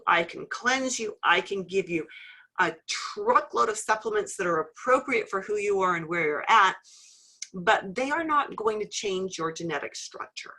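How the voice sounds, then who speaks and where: A middle-aged woman teaching a live webinar as an instructor, friendly and gently teasing, explaining things step by step. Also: mid-range voice. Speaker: iridology instructor.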